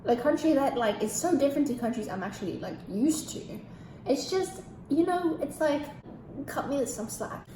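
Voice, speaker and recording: A teenage girl telling a storytime vlog, animated and ranting, with heavy swearing. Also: sits high, normal speed, background noise. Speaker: vlogger. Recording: echoey room with faint ambience.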